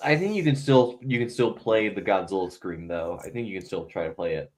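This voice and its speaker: A man's voice: low voice, a little fast. A man co-hosting a podcast in casual chat, earnestly retelling film scenes with many filler words. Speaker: podcast co-host.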